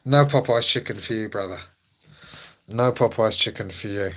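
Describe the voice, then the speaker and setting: A man's voice: fairly low pitch, moderate pace, a bit bright, slight background noise. A man streaming live, chatting casually with his viewers in a playful, teasing way that tips into mock drama.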